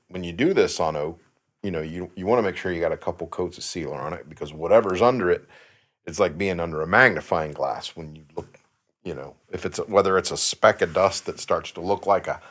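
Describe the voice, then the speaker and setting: A man's voice: low-pitched, a bit bright. A man chatting as a podcast guest, rambling and repeating words, fond of vivid exaggeration. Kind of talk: casual podcast conversation.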